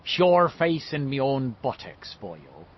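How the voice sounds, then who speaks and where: A man's voice: mid-range voice, big pitch swings, a little slow. A man voicing a grown man who fakes a cocky Irish cop, with a broad Irish accent, in a dull lo-fi audiobook recording. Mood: mocking. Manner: cocky, teasing brogue.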